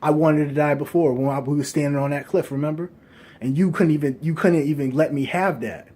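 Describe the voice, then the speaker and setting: A man's voice: on the high side, fairly even intonation, brisk, mellow, lightly acted. A man voicing a bitter, defiant young male villain, quoting his lines in a resentful, blunt way.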